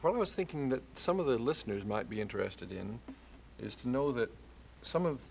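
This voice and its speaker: A man's voice: mid-range voice, expressive, vocal fry, darkish tone. A middle-aged man hosting a casual 1960s television folk music chat. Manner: slow, easygoing, breaks into song. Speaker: host. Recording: faint background noise, 1960s TV broadcast.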